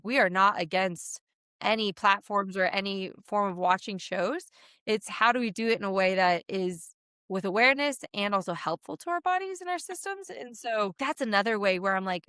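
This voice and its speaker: A woman in her thirties co-hosts a casual podcast chat, animated and full of filler words. Her voice is smooth and resonant. The sound is dry and close, with no room around it. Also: medium pitch, no room sound. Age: 30s. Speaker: podcast co-host.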